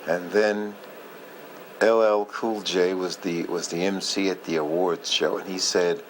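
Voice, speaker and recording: A man casually reminiscing in a heartfelt, rambling way, often halting and losing his thread. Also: deep voice, fairly even intonation, a little hiss or hum, rough recording. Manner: heartfelt, moved by the memory. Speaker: vlogger sharing memories.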